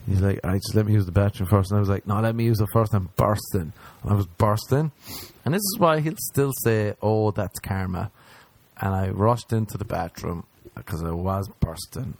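Crude self-mocking comedian. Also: male voice, lowish voice, darkish tone, no echo. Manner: crude, self-mocking, acts out scenes in quick voices. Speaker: stand-up comedian. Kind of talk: stand-up storytelling.

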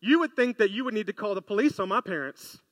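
A man preaching a sermon in an animated, conversational way, often asking his listeners questions. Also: sits high, fast talker, dry recording. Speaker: pastor. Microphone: close mic, podcast.

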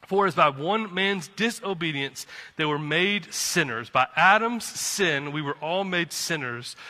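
Bright-voiced pastor preaching in a hall. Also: male voice, on the high side, expressive, unhurried. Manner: impassioned, swings from quiet to fired-up. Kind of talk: sermon. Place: church sanctuary. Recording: long reverb of a hall.

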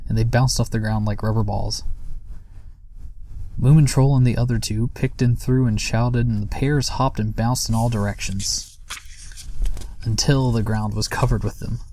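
A man narrating a children's storybook aloud in a steady, gentle manner. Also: mid-range voice, moderate pace, long pauses.

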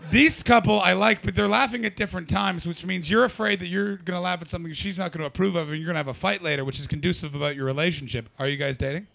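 Male stand-up comic, crude and teasing, bright gravelly voice, fairly high. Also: quick pace, hardly any pauses. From not from Britain. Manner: profane, brash, teasing audience. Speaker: stand-up comedian. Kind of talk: stand-up crowd work.

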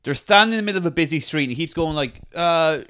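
Lively, smooth-voiced man telling a story. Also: on the high side, racing. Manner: animated storyteller, mimics people. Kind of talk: casual podcast chat.

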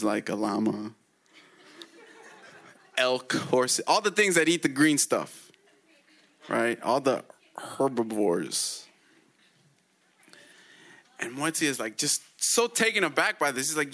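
A man's voice: medium pitch, expressive, takes it slowly, pauses often, a bit bright. A man retelling a myth in casual storytelling style, full of slang, chuckles and fillers.

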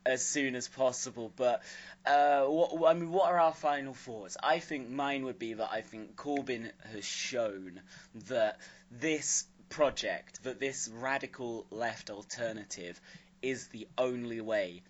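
A man's voice: mid-range voice, a little slow. Podcast guy, blunt and jokey, swears a lot, faint hum behind, lo-fi. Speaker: podcast co-host. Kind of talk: casual political chat.

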